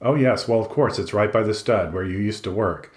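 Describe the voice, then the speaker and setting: A man's voice: on the low side, a little fast, close to an everyday voice. A man voicing a round, genial male lodge director who talks politely and fussily.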